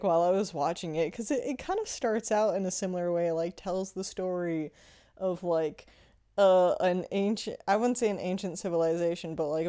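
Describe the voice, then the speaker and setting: Rambling woman with a mellow, low voice. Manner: rambling, filler-heavy, laughs often. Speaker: movie reviewer. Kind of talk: casual spoken review.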